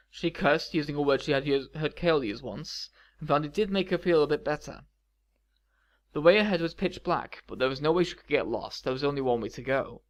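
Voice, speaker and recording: Man narrating a storybook reading. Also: on the high side. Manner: steady, measured storytelling. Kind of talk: audiobook reading of fan fiction.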